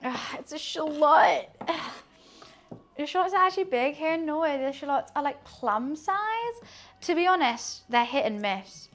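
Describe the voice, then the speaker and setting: A woman's voice: sits high, normal speed, a bit bright. A woman, streaming casual chat while she cooks at home, rambling to her viewers and her kitten. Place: home kitchen.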